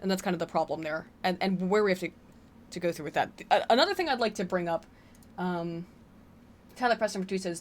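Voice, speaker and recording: A woman's voice: on the low side, lively intonation, fast talker, a little hiss or hum. A woman hosting a casual live-stream Q&A, rambling with laughing asides. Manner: rambling, frequent fillers and restarts, laughing asides.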